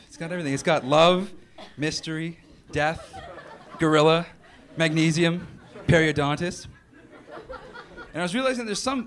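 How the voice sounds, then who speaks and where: A young stand-up comedian works a comedy club stage with a loose, offhand set, drifting into acted-out voices as the audience laughs. His voice sits a little high with a fairly bright tone, and the club recording is noisy.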